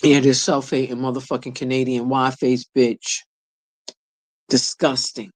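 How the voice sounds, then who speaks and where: A man in a heated, profane rant, hurling insults loudly. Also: medium pitch, little pitch movement, a little slow, no room sound. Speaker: online commentator. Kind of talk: profane ranting commentary.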